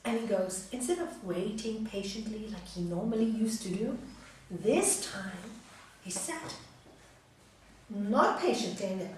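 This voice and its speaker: A woman yoga teacher telling a teaching story to a class, lively and animated, in a large hall. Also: mid-range voice, normal speed, slight background noise. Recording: echoey hall from far off.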